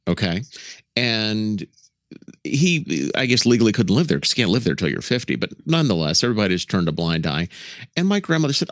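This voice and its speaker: Lively, animated man telling stories. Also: fairly low pitch, a little fast, dry recording. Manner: animated storyteller who mimics voices. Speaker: podcast co-host. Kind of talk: casual comedic chat.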